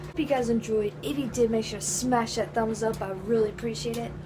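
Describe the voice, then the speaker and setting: A woman's voice: on the high side, steady tone, brisk, noisy background. A woman vlogger at home, cooing to her pets in baby talk and laughing often, then signing off to her viewers. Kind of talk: casual home vlog talking to pets.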